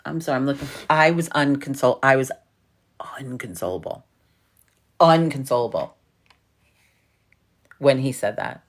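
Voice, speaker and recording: A woman's voice: extremely low pitch, normal speed, pauses often. A woman from New York with a New York accent, hosting a casual livestream chat and telling a story full of swearing and laughter. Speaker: livestream host.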